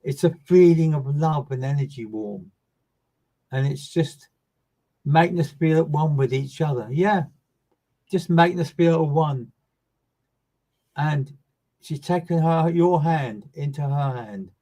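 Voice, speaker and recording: A man working as a medium, giving live online readings in a soft, soothing, repetitive way that often trails off quietly. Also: fairly high pitch, measured pace, long pauses, poor audio.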